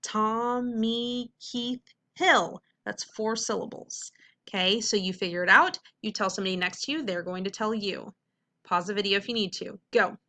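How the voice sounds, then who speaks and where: Upbeat woman teacher, crisp bright voice, sounds out words slowly for kids. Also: medium pitch, steady tone. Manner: upbeat, checks in with frequent "okay?"; slows to sound out words carefully. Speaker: reading teacher. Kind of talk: classroom video lesson.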